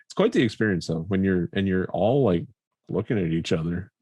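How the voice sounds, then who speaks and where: Lively low-voiced Canadian podcast man. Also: fairly quick, breathy edge, no room sound. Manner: animated, laughs a lot while telling a story. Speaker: podcast co-host. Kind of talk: casual storytelling rant.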